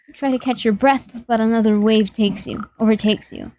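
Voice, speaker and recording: A woman's voice: a little high, fairly even intonation, moderate pace, few pauses, warm tone, slight background noise, low-quality recording. A young woman streamer reading a horror game aloud in vivid, dramatic narration. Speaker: gaming streamer.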